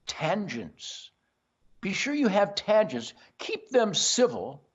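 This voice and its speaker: Older male host, brash and boisterous, lively swinging pitch, raised voice, dull lo-fi sound. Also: slightly rough. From Detroit area. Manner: boisterous, brash, self-promoting. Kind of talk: rambling monologue. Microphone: earpiece.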